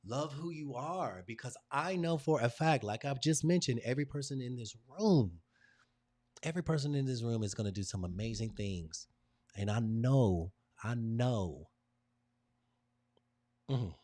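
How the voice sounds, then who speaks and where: A man in the middle of his range leads a group through motivational affirmations, repeating each phrase with firm emphasis and pausing with feeling. The sound is close and dry, with almost no room around him. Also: medium pitch, expressive, darkish tone, no room sound. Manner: repetitive, emphatic affirmations with emotional pauses. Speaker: host and design workshop leader.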